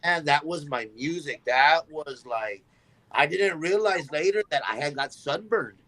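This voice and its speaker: Guy telling a story on a podcast, lively, does little voices for the people in it, voice sits a bit high. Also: unhurried, poor audio. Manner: animated, acts out quoted voices in his stories. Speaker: musician guest.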